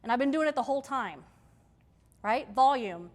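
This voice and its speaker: A woman's voice: sits high, expressive, normal speed. A woman giving a live workshop talk to a room, conversational and emphatic, often checking in with her audience. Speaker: workshop presenter. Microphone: handheld or stage mic.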